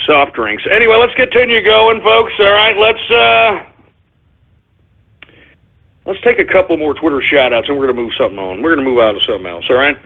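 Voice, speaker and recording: A man hosting a live radio show, reading listener shout-outs and ranting at them in exasperation, often yelling at them to shut up. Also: fairly high pitch, animated, fairly quick, gravelly. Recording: tinny phone-like lo-fi audio.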